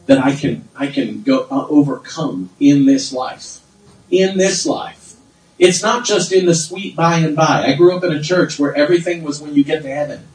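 Fervent preacher man, high voice, roomy. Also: normal speed, hardly any pauses. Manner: fervent preaching, swinging from low asides to loud high exclamations. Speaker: pastor. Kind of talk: sermon. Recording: roomy sound from far off.

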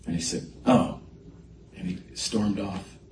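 A male pastor preaches to his congregation, animated in his storytelling. His voice comes from some distance off in a roomy, echoing hall with a faint hum of ambience behind. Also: low-pitched, slow pace. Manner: animated storyteller, lively swings in loudness. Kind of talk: sermon storytelling. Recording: echoey hall mic from a distance.

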